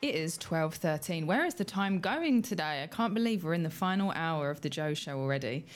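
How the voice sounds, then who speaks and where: A woman's voice: on the low side, animated, a little fast, soft background music. A young British woman hosting a radio show, chatty and casual, with plenty of ums and light laughs. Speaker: radio host.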